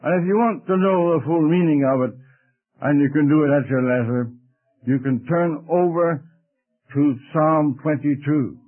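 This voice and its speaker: A man preaching a sermon slowly and deliberately, drawing out the scripture he quotes. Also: on the high side. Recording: tinny phone-like radio broadcast.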